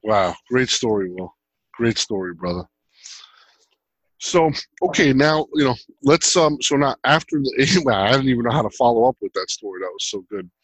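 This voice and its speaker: Male podcast host with a lively voice. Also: mid-range voice, moderate pace, breathy edge, dry recording, poor audio. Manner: reacts with short praise and laughter. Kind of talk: casual chat.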